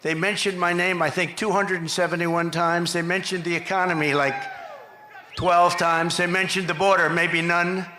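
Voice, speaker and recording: Older man, rally speech, bright forceful voice, echoey loudspeaker sound, boastful and repetitive. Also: high-pitched, flat delivery, moderate pace. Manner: boastful, repetitive, shouting out punchlines. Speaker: political candidate at a rally. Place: outdoor rally stage.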